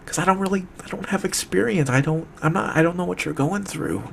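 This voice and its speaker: A young man speaks to the camera, distraught and holding back tears. His voice is a little high and gravelly with a rough, creaky edge. He talks in halting, repetitive bursts and swears as he struggles to find the words, over a faint hiss. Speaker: video maker addressing a friend. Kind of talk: emotional direct-to-camera monologue.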